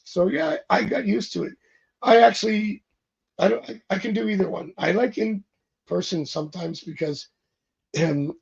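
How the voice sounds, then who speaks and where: Chatty male guest, high gravelly voice, rambling and acting out quoted lines. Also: dull audio. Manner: rambling, acts out quoted dialogue. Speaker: psychic tarot reader, guest. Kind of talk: casual interview chat.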